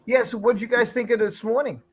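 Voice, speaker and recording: Man, stream host, gravelly voice, laid-back, reassuring, repeats himself. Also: very high voice, fairly even intonation, fairly quick, rough recording. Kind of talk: casual livestream chat.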